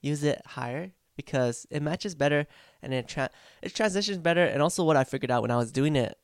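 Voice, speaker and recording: A man's voice: a little high, a little fast, dry recording, clean studio sound. A young man talking casually about practicing his song, rambling and reflective, with lots of fillers and restarts. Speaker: vlogger recording his own song. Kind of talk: casual vlog talk.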